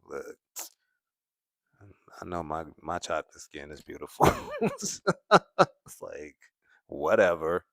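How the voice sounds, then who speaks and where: Brief: male stream host with a very low voice and a dry, close sound. Relaxed, musing, laughs a lot. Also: dry recording. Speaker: commentary channel host. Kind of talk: casual livestream chat reading viewer comments. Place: home in California.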